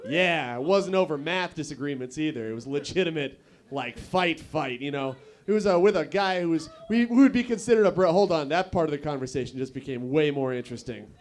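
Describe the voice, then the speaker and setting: Young guy doing open mic standup, kinda high voice, crude rambling jokes, chats with the crowd. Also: lively intonation, fairly quick. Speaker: stand-up comedian.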